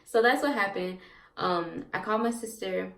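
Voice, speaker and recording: A woman's voice: medium pitch, normal speed, vocal fry, a bit bright, recorded from a distance. A young woman vlogger casually telling a personal story to her viewers, chatty and rambling with lots of fillers and repeats. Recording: echoey room, off-mic.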